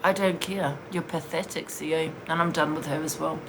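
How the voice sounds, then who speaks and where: A woman's voice: sits low, steady tone, normal speed, background noise. Scornful woman ranting on a stream. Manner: blunt, scornful, answering viewers' comments. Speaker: live-streamer. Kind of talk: heated live-stream rant.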